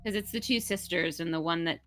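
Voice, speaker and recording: Woman, co-player, bright forward tone, playful casual chat, faint music behind. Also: fairly low pitch. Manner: playful, quick to laugh.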